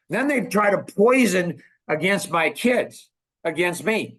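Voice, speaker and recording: An older man hosting a casual podcast, talking emphatically and swinging between loud bursts and hushed asides. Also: sits high, lively intonation, measured pace. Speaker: podcast host.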